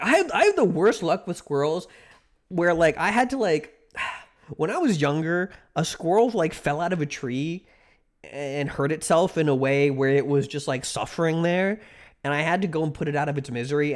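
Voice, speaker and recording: A male streamer with a slightly higher voice, talking casually to his chat. He rambles through stories in an animated way, breaking into laughter often and mocking himself as he answers his viewers.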